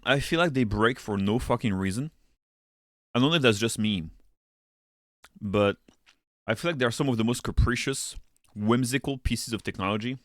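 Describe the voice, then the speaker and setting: A man's voice: medium pitch, normal speed, long pauses, no room sound, clean studio sound. A man who works as a teacher, chatting casually and profanely with viewers on a live stream while he works, rambling from topic to topic.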